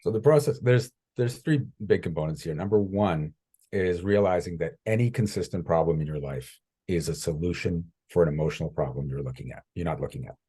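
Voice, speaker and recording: A man with a somewhat low, husky voice speaks in a conversational interview. He is an animated storyteller who slips into the voices of the people he quotes, talking as a coach. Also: fairly quick. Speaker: guest coach.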